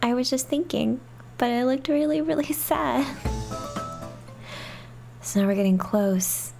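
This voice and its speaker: A young woman streamer chats through a game in a high, soft voice, coaching herself under her breath and squealing when she wins. Quiet game music plays behind her. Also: unhurried, gravelly. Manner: chatty, talks softly to herself, excited squeals. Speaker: gaming streamer. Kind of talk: casual let's play commentary.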